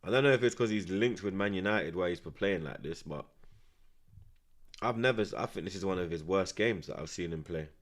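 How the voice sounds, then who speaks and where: A man's voice: deep voice, fairly quick. A young man, chatting casually in street slang and reacting live to a football match. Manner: animated, street slang, frequent tag questions. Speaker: streamer.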